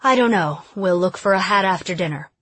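A woman's voice: on the low side, lively intonation, brisk, fairly bright tone, no room sound. A woman voicing a wry, opinionated mother. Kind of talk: audiobook character voice.

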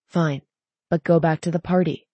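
A woman reading the part of a troubled young man who sounds tired and quiet. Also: deep voice, steady tone, normal speed, slightly rough, no room sound. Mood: firm.

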